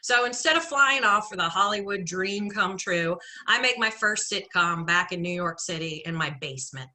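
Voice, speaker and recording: Bright-voiced woman telling her story. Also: mid-range voice, normal speed. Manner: playful, animated, conversational asides to the audience. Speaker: solo show performer. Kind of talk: theatrical storytelling monologue.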